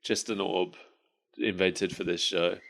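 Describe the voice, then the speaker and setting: A man's voice: deep voice, little pitch movement, a little slow, creaky, fairly bright tone. A man co-hosting a podcast in casual chat, rambling and laughing often at his own jokes. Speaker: podcast co-host.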